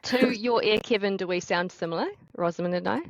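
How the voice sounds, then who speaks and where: A woman with a New Zealand accent co-hosting a podcast in casual chat, bubbly and quick to laugh. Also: mid-range voice, no room sound, poor audio. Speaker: podcast co-host and life coach.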